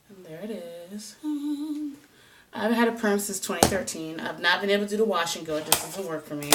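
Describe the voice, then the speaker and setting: A woman's voice: mid-range voice, moderate pace, fairly bright tone, a little hiss or hum. A woman chatting casually through a hair how-to, rambling and joking at herself as she goes. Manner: chatty, rambling, self-mocking. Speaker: hair vlogger. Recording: voice a bit distant from the mic.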